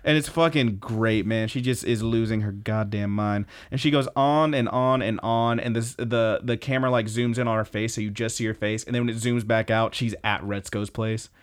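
A man co-hosting a podcast, recapping anime episodes in casual chat, animated and swearing freely. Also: on the low side, normal speed, few pauses, clear, resonant tone. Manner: animated, profane, laughing storyteller. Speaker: podcast co-host.

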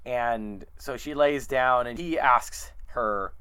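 A man co-hosting a podcast, recapping a show in a relaxed storytelling way with quiet chuckles. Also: medium pitch, slow, few pauses, over music. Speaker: podcast co-host. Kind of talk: casual chat recapping a show.

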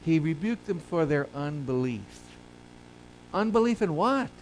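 A male pastor preaching a sermon who asks the congregation questions and answers them himself, moving between soft low asides and loud emphatic rises. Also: very animated, a little slow, slight background noise, rough recording.

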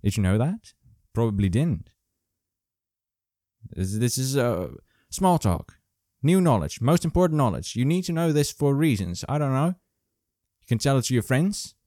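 A man hosting his own casual video, joking and rambling through animal facts in a playful, animated way. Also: mid-range voice, moderate pace, pauses often, no room sound, clean studio sound. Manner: playful, jokey, animated, full of asides. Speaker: vlog host. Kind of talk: casual comedic fact-sharing monologue. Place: Germany.

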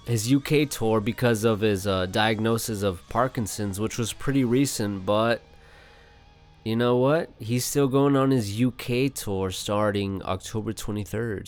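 A young man hosting his own podcast alone, talking casually in a loose, profane, rambling way. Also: mid-range voice. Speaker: podcast host. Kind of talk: casual solo podcast chat. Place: home setup, Arizona.

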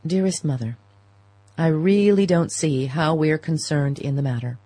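Brief: woman reading an impatient young society man, low husky tone, dry sound. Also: measured pace, warm tone, no room sound. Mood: exasperated. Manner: impatient, arguing. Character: exasperated young gentleman, her grown son. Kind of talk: audiobook character reading.

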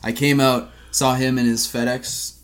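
A young man co-hosting a podcast, telling rambling stories in a relaxed, casual chat. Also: medium pitch, unhurried. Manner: laid-back, rambling anecdotes with fillers. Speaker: podcast co-host.

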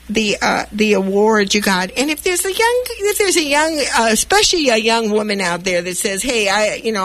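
Woman host, mid-pitched voice, affirming, rambling questions, lots of restarts. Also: fairly bright tone. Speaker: radio show host. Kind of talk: interview talk.

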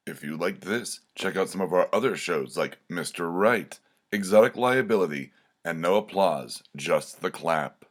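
A low-pitched man with lively intonation speaks at a moderate pace while co-hosting a podcast. The talk is a casual comedic rant: sarcastic, escalating, and full of swearing.

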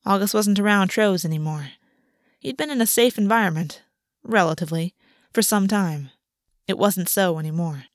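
A woman narrating a fantasy novel chapter in a steady, even reading voice. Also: mid-range voice, moderate pace, dry recording, studio quality. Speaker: audiobook narrator. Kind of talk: scripted narration.

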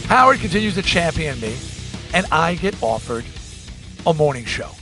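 A man's voice: a little high, normal speed, music in the background. A man hosting a podcast, telling a story in a casual monologue, acting out the dialogue and swearing freely. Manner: animated, acts out quoted dialogue, swears freely. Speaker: podcast host.

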